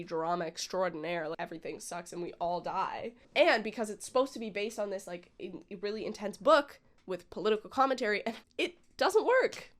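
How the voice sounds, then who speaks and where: A woman vlogger talking casually and with strong opinions, with lots of "like" and "um". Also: medium pitch. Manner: opinionated, chatty, frequent "like" and "um". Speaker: vlogger reviewing a film. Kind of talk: casual chat.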